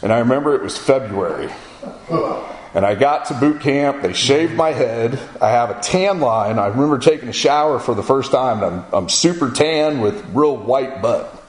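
A man's voice: medium pitch, moderate pace. A middle-aged man from Florida telling a folksy personal story in casual talk. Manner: folksy, animated storytelling with acted-out quotes. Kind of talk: casual spoken memoir. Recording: echoey room with faint ambient noise.

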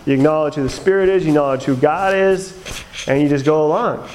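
Animated, chatty man telling a story. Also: a little high, quick pace, a little hiss or hum, rough recording. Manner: animated, chatty, lots of fillers and laughs. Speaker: speaker sharing his testimony. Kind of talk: storytelling testimony talk.

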